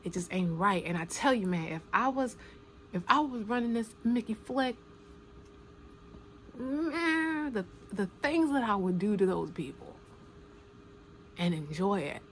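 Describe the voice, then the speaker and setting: A woman giving casual spoken commentary, talking emphatically with slang, repeating phrases for stress and sometimes dropping to a hushed near-whisper. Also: medium pitch, expressive, unhurried, pauses often, slight background noise.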